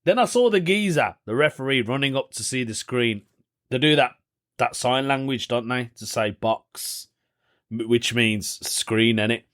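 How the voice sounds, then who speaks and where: A man's voice: medium pitch, unhurried, a bit bright. Young male podcast host, chatty and rambling, laughs at his own jokes. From United Kingdom. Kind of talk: casual solo podcast chat.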